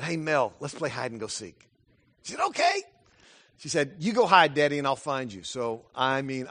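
A middle-aged man preaching a sermon in a church, earnest and storytelling, moving between hushed and emphatic passages. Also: on the high side. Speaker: pastor.

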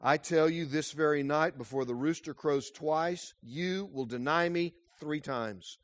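A preacher speaking as a grave solemn teacher. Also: male voice, on the high side, measured pace, no echo, pitched below the performer's own voice, lightly acted. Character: calm solemn teacher, grown man, grave.

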